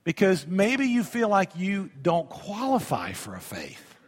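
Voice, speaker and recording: A pastor preaching a sermon, emphatic, with sudden drops to a quiet voice. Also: male voice, high-pitched, wildly swooping pitch, a little slow, in a large hall.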